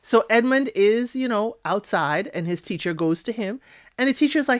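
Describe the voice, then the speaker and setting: A woman hosting a casual reality TV recap, talking in an animated, outspoken way with sassy asides. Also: fairly high pitch, normal speed, dry recording, studio quality.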